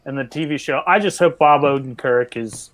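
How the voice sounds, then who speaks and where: A man's voice: medium pitch, normal speed, a bit bright. A man who is a regular on a casual sports fan show, rambling playfully. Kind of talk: casual banter.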